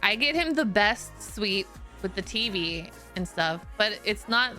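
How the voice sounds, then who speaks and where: A young woman streamer casually telling a story to her chat, giggly and animated, swearing freely. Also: mid-range voice, measured pace, faint music behind.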